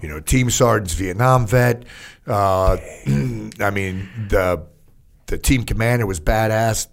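Speaking slowly in a lowish voice, the older army veteran spins stories during an informal interview. His delivery is animated and profane, with lots of fillers.

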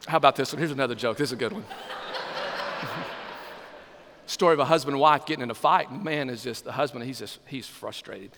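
A man's voice: mid-range voice, racing, hardly any pauses, bright, forceful tone, a little hiss or hum. A male pastor preaching a sermon, joking and asking the congregation questions. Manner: humorous, asks the congregation questions. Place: church sanctuary. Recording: live sermon in a reverberant hall.

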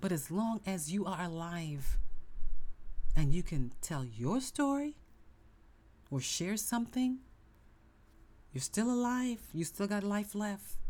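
A woman's voice: mid-range voice, mellow. A middle-aged woman hosting a motivational self-help podcast, speaking emphatically with lots of repetition and sudden whispered asides. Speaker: podcast host.

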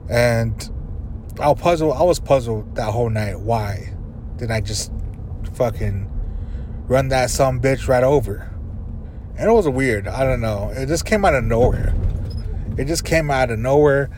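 A man's voice: medium pitch, a little slow, long pauses, a little mellow. A man hosting a podcast, telling stories in a rambling, casual way, swearing and chuckling as he talks from inside his car. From Arizona reservation. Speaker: podcast host. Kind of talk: casual storytelling. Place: inside a car on a dirt road. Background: faint vehicle noise.

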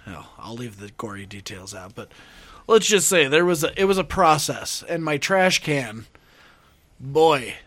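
Bright-voiced bantering male podcast host. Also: measured pace. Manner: animated, acts out quotes in a higher voice. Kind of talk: casual storytelling chat.

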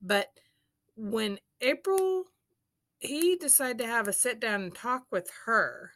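A woman's voice: fairly high pitch, expressive, slow, fairly bright tone. A woman co-hosting a podcast, talking bluntly and emphatically in a casual reality-TV recap chat, swearing freely. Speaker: podcast co-host.

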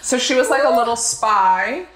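A woman's voice: on the high side, moderate pace, fairly bright tone. A woman hosting a podcast, chatting easily and thinking aloud with plenty of fillers. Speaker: podcast host. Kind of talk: casual chat. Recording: roomy echo.

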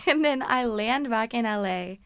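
Podcast host, woman, animated sarcastic storyteller, higher voice, smooth and crisp, dry close mic. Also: unhurried, no room sound. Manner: animated, sarcastic, laughs often, acts out quotes. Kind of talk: casual storytelling monologue.

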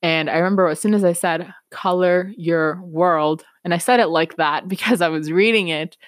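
A woman's voice: lowish voice, quick pace, no echo, clean studio sound. A young woman hosting a podcast, telling a personal story in an earnest, reflective way and laughing now and then. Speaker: podcast host.

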